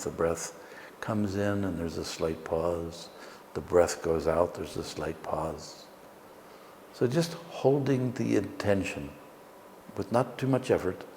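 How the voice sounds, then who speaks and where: Deep-voiced man guiding a slow meditation. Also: big-room sound, slight background noise. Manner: slow, gentle, soothing guidance. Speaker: meditation teacher. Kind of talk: guided meditation.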